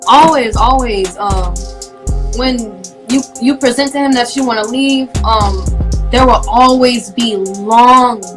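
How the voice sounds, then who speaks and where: A woman answering an interview calmly, with hesitant fillers. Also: a little high. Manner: calm, measured, hesitant fillers. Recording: music playing under the voice.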